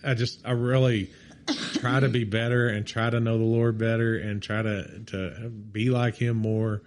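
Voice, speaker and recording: A middle-aged man co-hosting a casual chat, telling an animated story, acting out what people said and laughing often. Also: fairly low pitch, unhurried, a little hiss or hum. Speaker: podcast co-host.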